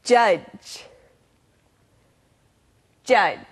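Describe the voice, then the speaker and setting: A woman's voice: medium pitch, expressive, drawn-out words. A woman hosting a children's English lesson show, with a bubbly teacher's delivery. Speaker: host.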